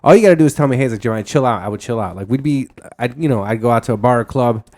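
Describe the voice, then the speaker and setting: A man's voice: mid-range voice, rapid-fire, a little mellow. A man in his thirties hosting a podcast, telling rambling stories in casual chat, swearing freely and laughing often. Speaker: podcast host.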